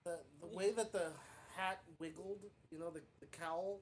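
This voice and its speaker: A man with a fairly high voice chats as a podcast guest and tosses off dry comments. A faint hiss runs under his voice. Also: fairly even intonation, moderate pace. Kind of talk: casual chat.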